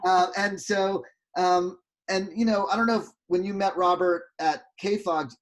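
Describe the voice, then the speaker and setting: A man's voice: sits high, unhurried. Man telling a story on a video call. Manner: animated, lots of restarts and fillers. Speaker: guest photographer.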